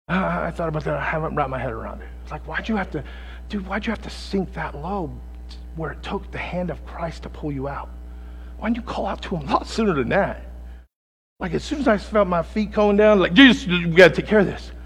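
A man preaching a sermon, dramatic and casual, swinging from shouting to hushed asides. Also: a little high, expressive, fairly quick, a little hiss or hum.

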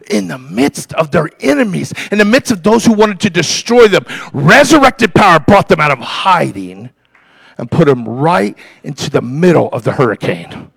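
A man preaching a sermon as pastor, impassioned and storytelling, moving between loud preaching and quiet confiding. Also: fairly high pitch, big pitch swings, moderate pace, gravelly, husky, no room sound, rough recording.

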